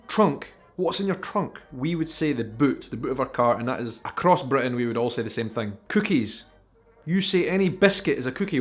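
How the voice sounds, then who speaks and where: A young Scottish man talking chattily and directly to his viewers in a casual vlog. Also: on the high side. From Scotland. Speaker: vlogger.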